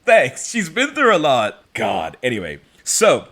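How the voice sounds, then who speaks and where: A man's voice: mid-range voice, unhurried. A man co-hosting a podcast, chatting casually and acting out quotes with laughter. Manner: animated, laughing, acts out quotes in voices. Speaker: podcast co-host. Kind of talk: casual chat recapping a TV show.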